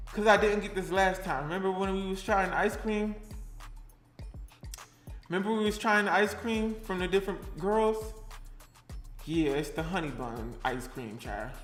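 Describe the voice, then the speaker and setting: While cooking for his casual vlog, a young man keeps up a sassy, playful patter, addressing both the camera and the objects around him. His high-pitched voice is a bit bright, and the room is echoey.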